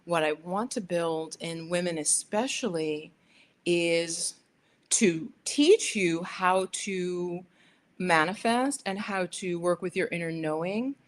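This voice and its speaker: A woman's voice: on the low side, slow pace. A middle-aged woman hosting a casual livestream from her sofa, chatty and rambling as she gives tarot readings to viewers. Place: living room sofa by big windows.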